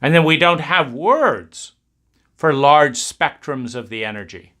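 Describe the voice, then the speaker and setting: A man giving a reflective talk, speaking in slow, emphatic, repetitive cadences. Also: a little high, lively intonation, sharp tone.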